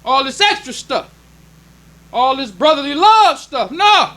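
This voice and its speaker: A man's voice: very high-pitched, very animated, a little slow, bright, forceful tone. A male minister preaching a sermon in an emphatic, conversational way, drawing call-and-response from the congregation.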